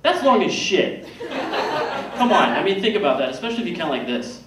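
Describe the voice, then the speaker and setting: A man's voice: high-pitched, very animated, a little fast. A man in his thirties doing a self-deprecating stand-up set on a theater stage, acting out other people's lines as he goes. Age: 30s. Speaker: stand-up comedian. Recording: echoey room from far off, loud noise.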